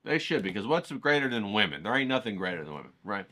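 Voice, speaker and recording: A man's voice: on the low side, big pitch swings, fast, pushed and bright. A man hosting an art livestream, talking in a rambling, folksy, digressive way. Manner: digressive, folksy, says "you know what I'm saying". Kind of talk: rambling casual monologue.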